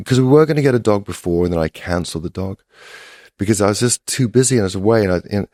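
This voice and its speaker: A man's voice: fairly low pitch, very fast, a little mellow, no echo, studio quality. A middle-aged man who is a guest on a podcast, telling a rambling, casual story full of restarts. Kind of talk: casual chat.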